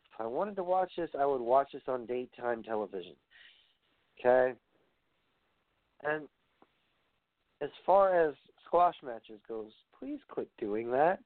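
A man's voice: fairly high pitch, no room sound. A man giving a rambling, profane rant as a wrestling commentator, sounding exasperated. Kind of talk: ranting podcast commentary. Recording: dry tinny phone-like audio.

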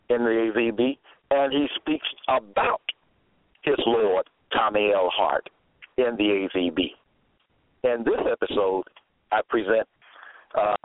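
Man preaching real slow, halting, lots of uhs, sounds tinny like over a phone. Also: mid-range voice, dry recording. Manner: deliberate and halting, with many fillers and repeated phrases. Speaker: preacher presenting his own episodes. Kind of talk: slow solo sermon reading scripture aloud.

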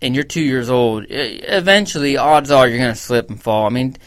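A man's voice: mid-range voice, normal speed. A man co-hosting a podcast, telling stories in a blunt, profane, casual way. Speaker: podcast co-host.

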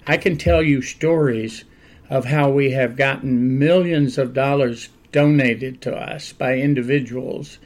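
An older man, a pastor, telling stories in a relaxed, conversational interview and laughing often along the way. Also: medium pitch, unhurried. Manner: animated anecdotal storyteller, laughs often.

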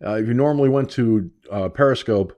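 A man hosts a call-in radio show, winded and rambling, talking himself through a scramble to get on air. His voice sits at an ordinary middle pitch. The recording is dry and close, with no room sound around him. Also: a little fast, mellow, dry recording, dull audio. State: out of breath. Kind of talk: casual call-in show chat.

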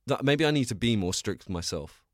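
Rambling man, low dry voice. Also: fairly quick, dry recording. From England. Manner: rambling, self-deprecating, lively storytelling. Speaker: podcast host. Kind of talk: casual solo podcast chat.

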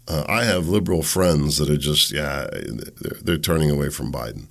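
A man's voice: rumbling low, moderate pace, gravelly, fairly bright tone. A man hosting a solo political talk show, blunt and sarcastic, rambling with restarts.

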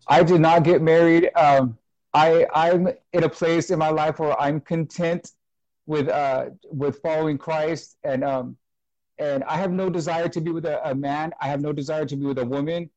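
A man's voice: a little high, fairly even intonation, normal speed, a little mellow, dry recording, muffled recording. A man, a guest minister in an interview, earnestly telling his personal testimony and retelling others' words at length. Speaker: guest, full-time minister.

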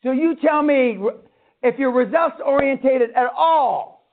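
A man's voice: very high-pitched, a little slow. A man giving a seminar talk, blunt and foul-mouthed, ranting at his audience. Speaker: seminar speaker. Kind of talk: profane motivational lecture. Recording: tinny phone-like sound.

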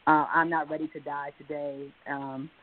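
A woman's voice: low-pitched, little pitch movement, normal speed, a little hiss or hum. A middle-aged woman poet performing spoken word in a rhythmic, chant-like cadence, then chatting as a guest. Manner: rhythmic, repetitive chant-like delivery. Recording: tinny phone-like line.

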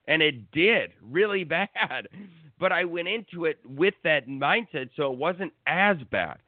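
A man's voice: a little high, expressive, unhurried, no echo. A man giving blunt, profane sports opinions in a casual talk-show rant. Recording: tinny phone-like line, dry.

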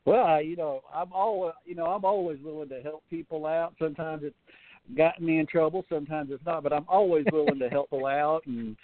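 Male guest, slightly high voice, easygoing and agreeable; tinny phone audio. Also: steady tone, fairly quick, no room sound. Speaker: podcast guest, ring announcer. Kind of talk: casual podcast chat.

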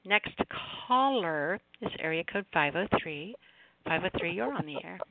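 A woman's voice: on the low side, lively intonation, normal speed, dry recording. A woman hosting a call-in radio show, chatting casually and affectionately with callers and laughing often. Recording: dry tinny phone-line sound.

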